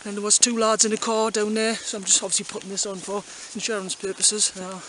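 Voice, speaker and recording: A man's high, monotone voice moves at a quick pace as he vlogs his walk through a rural valley, joking dryly to the camera. The audio is poor, with loud wind and outdoor noise.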